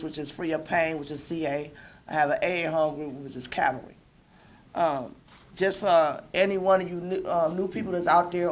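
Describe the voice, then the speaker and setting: A woman's voice: lowish voice, slight background noise. A woman graduate speaks earnestly and emphatically at a courtroom ceremony. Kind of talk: ceremony speech.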